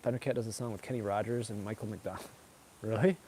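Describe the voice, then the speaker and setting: A man's voice: on the low side, fairly even intonation, quick pace, background noise. A middle-aged man chatting casually with viewers, rambling and filling his talk with "like" and "you know.". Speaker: streamer answering chat. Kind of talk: casual chat.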